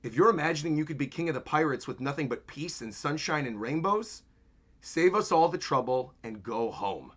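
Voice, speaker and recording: A man reading aloud as a battered old pirate who lectures a younger fighter in a gruff, drawn-out way. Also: on the high side, expressive, fairly bright tone. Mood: stern.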